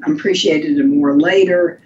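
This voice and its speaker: An older woman, a designer and guest on an interview podcast, telling lively stories about her career with frequent restarts. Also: normal speed. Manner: animated storytelling with restarts. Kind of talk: conversational interview. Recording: lo-fi with faint rumble.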